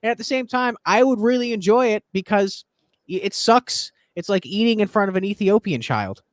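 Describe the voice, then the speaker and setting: An excitable man hosting a sports betting chat. He rambles and swears while he pushes his picks. His voice sits fairly high and sounds dry and close. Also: moderate pace, no echo. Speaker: podcast host and betting tipster.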